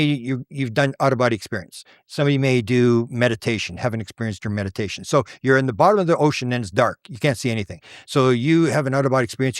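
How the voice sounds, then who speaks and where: An older man from Canada, a guest researcher, telling stories in conversation and acting out the people he quotes with sudden jumps in pitch. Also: dry recording, studio quality. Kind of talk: animated storytelling in conversation.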